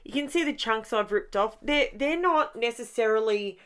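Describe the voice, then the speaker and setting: A woman's voice: a little high, expressive, normal speed, clean tone. An Australian woman hosting a scrapbooking channel, giving a chatty, rambling voice-over from her home craft room. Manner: chatty and rambling, with fillers and asides.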